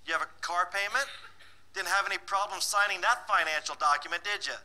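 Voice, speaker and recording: A man's voice: high voice, a little fast, bright, forceful tone, poor audio. A man presenting a live financial workshop, teasing and bossing the audience in a playful way and laughing often. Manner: laughs often between remarks.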